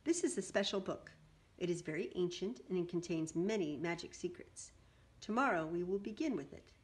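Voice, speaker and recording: A wise, kindly old witch, voiced by a woman reading aloud, speaks to her students gently and patiently, yet firmly. Her voice has a lively, expressive storybook rise and fall. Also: lowish voice, moderate pace, lightly acted. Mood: gentle. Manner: gentle, patient, firm teacher.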